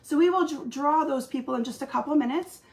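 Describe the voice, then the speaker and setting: A woman from Michigan hosting a casual live craft stream, chatting with viewers and greeting them by name. Her voice is slightly hoarse from a recent cold. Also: high-pitched, a little fast.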